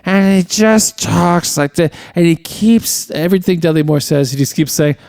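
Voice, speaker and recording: A man's voice: on the high side, gravelly, a little mellow, clean tone, dry recording, studio quality. A man co-hosting a podcast, chatting casually about a movie and acting out its lines. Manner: acts out movie lines in quick put-on voices. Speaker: podcast co-host. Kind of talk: casual film discussion.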